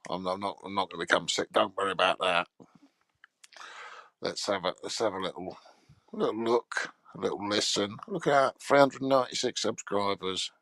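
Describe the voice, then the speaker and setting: A man's voice: fairly low pitch, moderate pace, vocal fry, fairly bright tone, no room sound. A middle-aged man streaming live, chatting casually in a blunt, sweary, mocking way.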